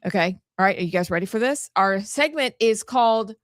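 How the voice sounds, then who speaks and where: A woman's voice: medium pitch, animated, fairly quick, no echo, clean studio sound. A woman, hosting a political talk show in a playful, upbeat way. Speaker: host.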